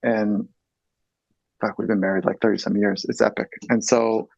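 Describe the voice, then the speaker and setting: Gravelly middle-aged man telling a candid story. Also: on the low side, little pitch movement, normal speed, a little mellow, no echo, dull audio. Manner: earnest, blunt, swears freely. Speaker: psychologist guest.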